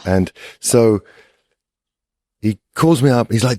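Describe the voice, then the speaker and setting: A man's voice: on the low side, fairly even intonation, normal speed, mellow, dry recording, studio quality. A middle-aged man who is a guest on a podcast, telling a rambling, casual story full of restarts. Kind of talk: casual chat.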